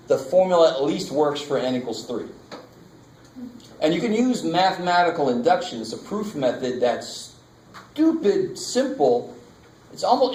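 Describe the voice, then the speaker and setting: A man's voice: on the high side, a little mellow, roomy sound, slight background noise, rough recording. A man teaching a math class, casual and joking, talking straight to his students. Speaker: math instructor. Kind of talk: classroom lecture. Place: lecture classroom.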